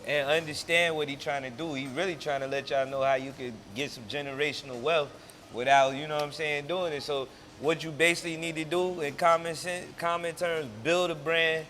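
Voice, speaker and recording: Guy hosting, bright forceful voice, hyping up his guest in casual slang. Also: fairly high pitch, level tone, a little fast, slight background noise. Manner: affirming, laid-back, street slang. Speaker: interview host. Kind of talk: casual interview talk.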